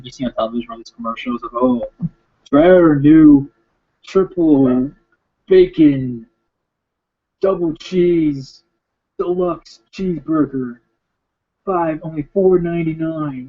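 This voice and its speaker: Here a young man's mid-range voice has a breathy edge as he hosts a video and works through viewer questions in a blunt, profane ramble full of fillers. The talk is loose and casual, captured with dull, lo-fi sound.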